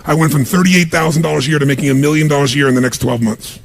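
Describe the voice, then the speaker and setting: A man's voice: a little high, racing, vocal fry. A man giving an emphatic motivational seminar talk to a live audience in a large room, pushing them with repeated commands. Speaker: motivational speaker.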